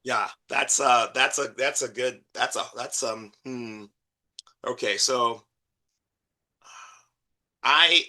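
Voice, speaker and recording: A man co-hosting a casual podcast chat, with a very bright, ringing tone. He hesitates and repeats words as he thinks aloud, and laughs often. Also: mid-range voice. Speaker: podcast co-host.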